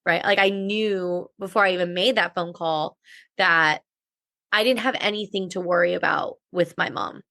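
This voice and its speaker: Bright, dry-sounding woman podcaster. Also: fairly low pitch, steady tone, normal speed, vocal fry, no room sound. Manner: candid, personal storytelling. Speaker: podcast co-host. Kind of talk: casual podcast discussion.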